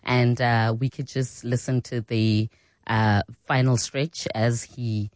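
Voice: mid-range voice, flat delivery, slow, a little mellow, no room sound, clean studio sound. A radio presenter reading listener feedback, chatty and often saying the host's name.

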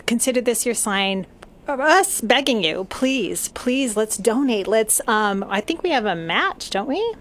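A woman's voice: fairly high pitch, sing-song, moderate pace, fairly bright tone. A female radio guest making a playful, pleading appeal to listeners. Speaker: studio guest.

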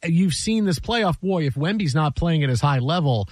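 A man's voice: fairly high pitch, expressive, normal speed, darkish tone, no echo. A man co-hosting a sports talk show, rambling and repeating words as he builds his points. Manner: rambling, repeats words when starting thoughts.

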